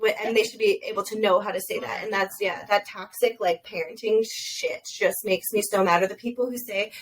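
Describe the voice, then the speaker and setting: A young woman talking casually as a podcast guest, emphatic and fast, with lots of "like" fillers. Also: medium pitch, steady tone, rough recording.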